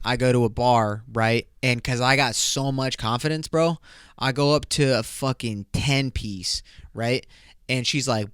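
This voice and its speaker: A man's voice: mid-range voice, a bit bright, smooth, dry recording, studio quality. Profane joking podcast host, man. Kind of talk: casual comedic chat.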